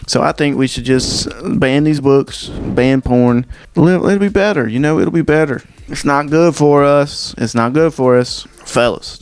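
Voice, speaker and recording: Gravelly man doing incredulous stand-up. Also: medium pitch. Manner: incredulous, rambling, animated storytelling. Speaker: comedian. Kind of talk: stand-up comedy.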